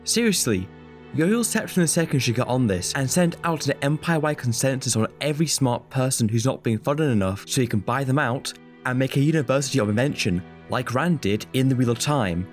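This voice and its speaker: A man's voice: mid-range voice, expressive, fairly quick, faint music behind. A man delivering a scripted critique video, sarcastic and exasperated in tone. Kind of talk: scripted commentary.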